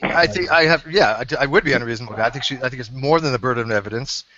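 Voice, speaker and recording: A man's voice: medium pitch, very fast, bright, forceful tone. A man in a casual online debate, rambling and correcting himself as he talks between bites of food. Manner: rambling, self-correcting, chewing while talking. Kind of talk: casual group debate on a video call. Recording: dull lo-fi call audio.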